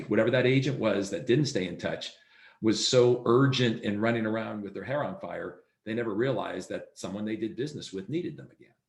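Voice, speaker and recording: A man's voice: on the low side, vocal fry. A man giving a real estate sales training over a video call, acting out dialogue in his stories. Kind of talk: training presentation. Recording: roomy echo.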